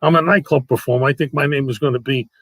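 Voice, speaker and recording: A man's voice: mid-range voice, steady tone, fast talker, a bit bright, no echo, poor audio. A man, a guest entertainer telling brash, comic show-business stories with salty language over a video call. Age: 80s. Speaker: guest, actor and nightclub entertainer. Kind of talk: anecdotal storytelling.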